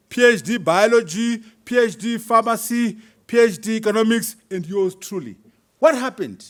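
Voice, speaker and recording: Middle-aged man from Zimbabwe, author at a launch, animated delivery, fairly high voice, warm asides. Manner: animated, chuckling asides to the audience. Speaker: author presenting his book. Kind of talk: lively speech at a book launch. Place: university hall at a launch event.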